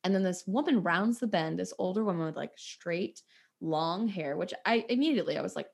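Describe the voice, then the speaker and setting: A woman's voice: fairly low pitch, expressive, a little fast, gravelly, husky. Blunt, outspoken young woman chatting. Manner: blunt, outspoken, swears freely, tells stories with acted-out quotes. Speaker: podcast co-host. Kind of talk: casual chat.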